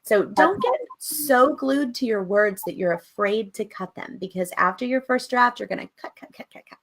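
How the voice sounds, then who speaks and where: A woman's voice: fairly high pitch, expressive, normal speed, gravelly, a bit bright. A woman co-hosting a writing workshop who asks follow-up questions and encourages the participants. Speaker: workshop co-host. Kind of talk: casual teaching chat.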